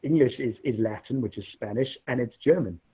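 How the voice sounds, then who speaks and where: A middle-aged man from Africa, a guest telling stories in an animated, chatty way over a video call. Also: mid-range voice, brisk, husky. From South Africa. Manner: animated, repeats words when starting. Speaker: guest, minister. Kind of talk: casual storytelling chat. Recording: muffled phone-like call audio.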